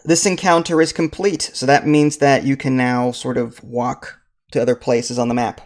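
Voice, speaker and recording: Man reading board game text, relaxed, dry asides, mid-pitched. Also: normal speed. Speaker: game host reading to a partner.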